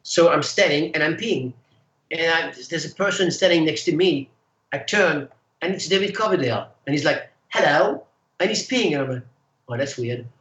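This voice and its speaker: Animated man telling stories on a call. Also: a little high, brisk, roomy sound, dull audio. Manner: animated, acts out quotes with voices. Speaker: guest singer. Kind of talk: casual storytelling.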